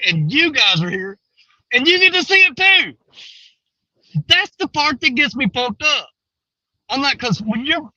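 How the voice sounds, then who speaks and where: Animated man, folksy vlog ramble. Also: very high voice, dry recording, muffled recording. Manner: folksy, animated, swings between excited and hushed. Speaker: outdoor fishing vlogger. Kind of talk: casual rambling talk to viewers. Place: outdoors on a riverbank.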